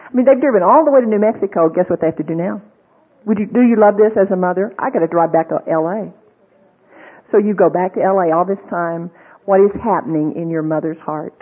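A woman's voice: fairly low pitch, fairly quick, husky. A woman giving a conversational Bible teaching to a women's group, asking the audience questions and acting out the voices she quotes. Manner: acts out quoted voices, with fillers and restarts. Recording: tinny, phone-like old recording.

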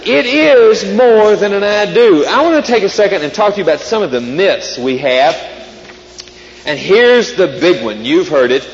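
A man on stage at a conference, joking and conversational, who keeps asking the audience questions. His voice sits a bit high and echoes through a large hall, with a dull sound and a faint hiss. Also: lively intonation, normal speed. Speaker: conference speaker. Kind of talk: humorous talk to a live audience. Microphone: stage microphone.

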